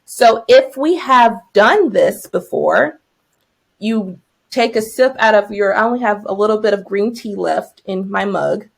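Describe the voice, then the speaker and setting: A woman in her twenties, a new teacher co-hosting a podcast, telling stories in a casual, animated way and laughing often. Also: measured pace, creaky. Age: 20s. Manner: animated, laughs often, jumps high for quoted lines.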